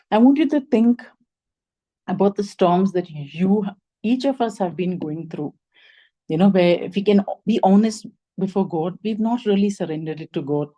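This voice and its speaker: A woman's voice: lowish voice, dark tone, low-quality recording. A woman giving a conversational sermon over a video call. She thinks aloud, says "like" and "you know" often, and asks her listeners reflective questions. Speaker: lay preacher giving the message.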